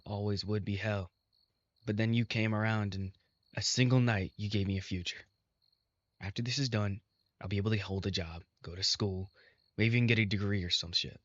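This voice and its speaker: A man voicing a rough young male minotaur who scolds bluntly and swears constantly. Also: lowish voice, no echo, dull audio, close to an everyday voice.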